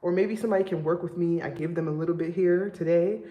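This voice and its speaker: A young woman and single mom chatting casually with her viewers, emphatic and getting loud and exasperated when she vents. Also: lowish voice, fairly even intonation, quick pace, roomy sound, phone-quality sound. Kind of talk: casual livestream chat.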